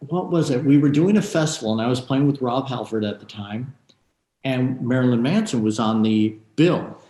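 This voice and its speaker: Excitable storytelling man in echoey room. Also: medium pitch, normal speed. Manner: excited, tells stories with quoted asides. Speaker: guest guitarist. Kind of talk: animated storytelling interview.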